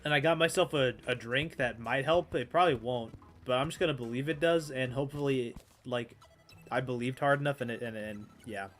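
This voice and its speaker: A man's voice: mid-range voice, fairly quick, a bit bright, faint music behind. A man streaming a game, chatting casually and rambling with stammers, jokes at his own expense and frequent swearing. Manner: rambling, stammering, self-mocking, swears freely. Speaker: gaming streamer. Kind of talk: casual gameplay commentary.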